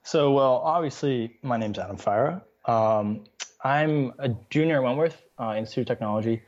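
A man's voice: medium pitch, moderate pace, a little mellow. A young man from Massachusetts, a college athlete, talks as a podcast guest. He is laid-back, laughs easily and leans on "you know", and his voice comes through slightly dull and lo-fi. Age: 20s. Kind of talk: casual interview chat.

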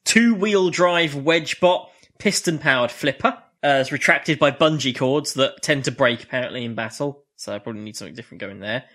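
Man, co-host, casual and amused, mid-pitched, reads facts. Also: brisk, few pauses, a bit bright. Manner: laughs often, reads out robot facts. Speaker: podcast co-host. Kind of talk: casual chat about robot combat.

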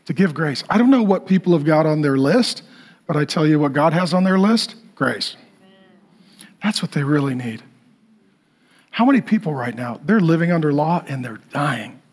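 Pastor, male, high voice, emphatic repetitive sermon delivery. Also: lively intonation, moderate pace, husky. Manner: emphatic, repetitive preaching that swings from loud to hushed.

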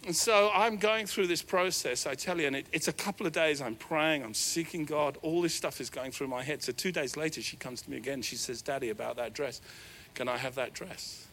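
Storytelling New Zealand pastor, bright high voice. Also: male voice, fairly quick, few pauses, slight background noise. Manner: storytelling, animated, self-deprecating humor. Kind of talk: sermon. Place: church hall.

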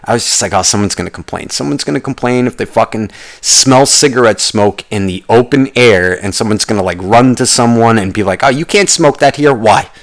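Brief: young male ranter, low-pitched voice, swears constantly, rambling and animated. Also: fairly quick, gravelly. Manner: profane, rambling, animated storytelling. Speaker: podcast host. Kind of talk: casual ranting monologue.

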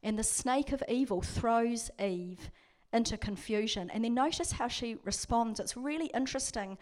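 A woman's voice: a little high, normal speed, a little mellow. A woman, preaching a sermon as a prison chaplain in a conversational, storytelling way. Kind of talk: sermon with scripture reading.

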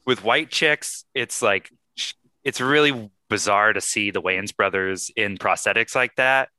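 Bright-toned, lower-voiced sardonic man. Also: unhurried, clear, resonant tone, no echo. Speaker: podcast co-host. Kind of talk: casual chat.

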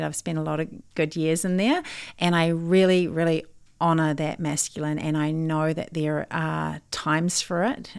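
Low gravelly-voiced middle-aged woman coach. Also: darkish tone. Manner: thoughtful, earnest, with occasional laughs. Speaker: coach and podcast host. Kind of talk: reflective solo podcast talk.

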